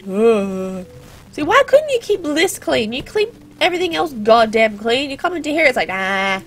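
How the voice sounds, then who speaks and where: High-voiced, chatty teenage girl gamer. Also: very animated, fairly quick. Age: teens. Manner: chatty, rambling, playfully sarcastic. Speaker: gaming channel host. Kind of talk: casual gameplay commentary.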